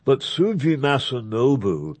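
A man's voice: mid-range voice, big pitch swings, unhurried, darkish tone, dry recording. A man hosting a radio talk show, speaking in a rambling, digressive way and spelling out names letter by letter. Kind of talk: conversational radio interview.

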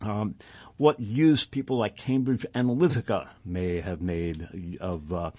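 A man's voice: lowish voice, darkish tone, no room sound. A male radio host reading passages aloud and adding sardonic asides on air.

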